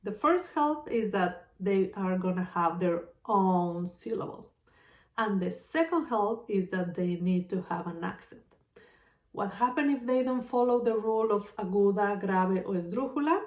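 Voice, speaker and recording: Slow, patient woman teaching in an echoey room. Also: medium pitch, animated. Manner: patient, repeats example words slowly. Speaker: Spanish teacher. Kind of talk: slow explanatory lesson.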